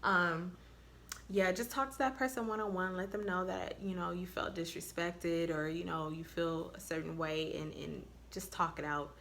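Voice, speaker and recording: Blunt, bright-voiced woman nurse vlogging. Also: on the low side, fairly even intonation, moderate pace, vocal fry, a little hiss or hum. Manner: blunt, candid storytelling with profanity; speaks straight to viewers. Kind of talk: casual advice vlog.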